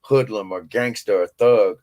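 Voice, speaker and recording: A man's voice: on the low side, unhurried, darkish tone. A man, hosting a loose, joking chat full of swearing and half-finished thoughts. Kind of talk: casual chat.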